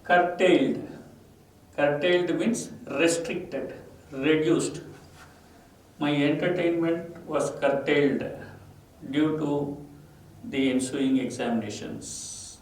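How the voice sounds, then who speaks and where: Male English teacher with an Indian English accent, deliberate pace, recorded away from the mic in a reverberant room with faint noise. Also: fairly high pitch, recorded from a distance. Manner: slow, repeats each word and its meaning with stress. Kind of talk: classroom vocabulary lesson.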